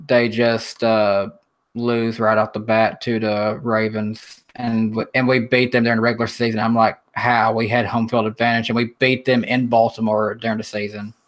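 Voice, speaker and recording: A young man with a mid-range voice co-hosts a relaxed podcast. He speaks in halting bursts, restarting phrases, speeding up and slowing down. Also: medium pitch. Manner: hesitant, stop-start, trails off. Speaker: podcast co-host. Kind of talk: casual chat.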